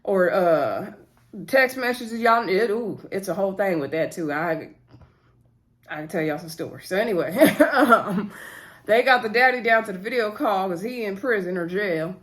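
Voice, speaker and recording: A woman's voice: mid-range voice, animated, normal speed. A woman vlogger recapping a TV episode in a casual, rambling way, chatting straight to her viewers with lots of asides. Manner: rambling, talks to viewers directly, frequent "so anywho" asides.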